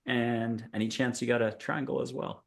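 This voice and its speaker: A man's voice: medium pitch, little pitch movement, normal speed, gravelly. A man hosting a video-call panel, leading a guided meditation in a playful, rambling, punning way. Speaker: host.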